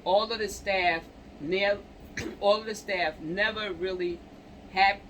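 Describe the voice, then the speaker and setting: In poor audio with a little hiss or hum, a channel host haltingly reads a news story, stumbling and restarting, pausing for casual remarks to viewers as he coughs and clears his throat. He has a high, steady, fairly bright voice.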